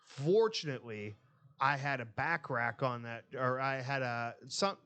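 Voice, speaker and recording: Profane, animated male podcast storyteller. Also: medium pitch, unhurried, clean tone. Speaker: podcast co-host. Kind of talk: casual storytelling chat.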